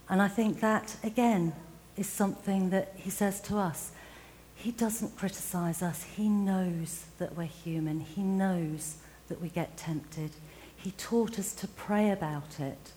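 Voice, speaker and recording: A woman preaching a reflective sermon, retelling a scripture story with slow, emphatic pauses. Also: mid-range voice, warm tone, slight background noise, low-quality recording.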